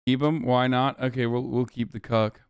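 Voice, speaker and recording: Profane streamer in casual reaction chat. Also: male voice, mid-range voice, level tone, moderate pace, clear, resonant tone, no room sound. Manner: profane, casual, lots of "like" and "uh" fillers. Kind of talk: live-stream reaction commentary.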